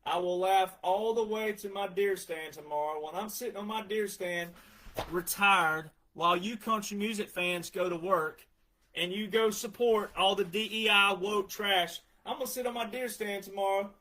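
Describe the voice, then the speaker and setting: A forty-something man with a drawl and a notably high voice, ranting in a heated, sarcastic monologue. He mocks his critics in put-on voices between angry outbursts. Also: normal speed, bright, forceful tone, rough recording. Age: 40s. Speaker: retired veteran ranting about country music.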